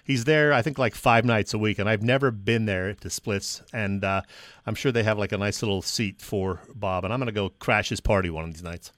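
Relaxed jokey man, dry close sound. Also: on the low side, a little fast, no echo. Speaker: co-host. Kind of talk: casual sports radio chat.

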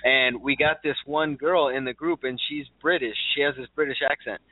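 A man's voice: mid-range voice, fairly even intonation, moderate pace, no echo. A man hosting a casual talk show, chatty and upbeat. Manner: chatty, upbeat, many fillers and restarts. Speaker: show host. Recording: dry, tinny phone-like line.

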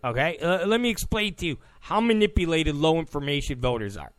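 A man's voice: a little high, animated, a little fast, no echo. A man hosting a talk show, delivering a rambling, blunt political monologue full of repeats and restarts. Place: Los Angeles studio.

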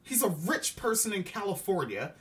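A man's voice: high-pitched, sing-song, moderate pace. A man hosting a casual podcast show review, talking animatedly and with profanity, often acting out quoted lines. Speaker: podcast host.

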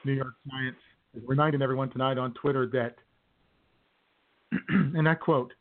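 A man's voice: medium pitch, steady tone, normal speed, long pauses. Dry, sarcastic male radio host. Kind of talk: casual comedy radio banter. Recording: tinny phone-like radio audio.

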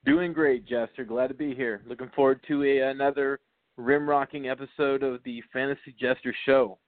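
A man's voice: mid-range voice, steady tone, moderate pace, no echo. A male radio co-host speaking in a supportive, casual way. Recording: dry phone-line audio.

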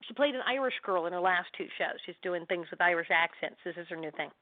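A middle-aged actress, a woman, telling stories in a casual interview, animated and chatty and quick to laugh. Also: on the low side, no echo. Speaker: guest actress. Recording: tinny dry phone line.

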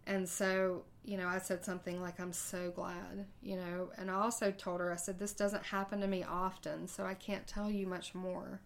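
A woman podcast host relates her own story in a conversational style, voicing the dialogue with halting hesitations. Her voice is lowish, gravelly, and level in tone.

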